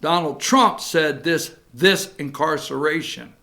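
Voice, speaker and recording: A man's voice: on the high side, slow, vocal fry, bright, forceful tone. A male talk show host giving emphatic, opinionated commentary and cueing his producer between clips. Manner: ranting, emphatic, cues the producer.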